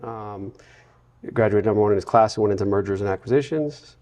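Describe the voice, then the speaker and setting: A man from the United States, a guest in a casual interview, telling long run-on anecdotes with a relaxed storytelling manner. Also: on the low side, fairly quick, lo-fi sound. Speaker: podcast guest.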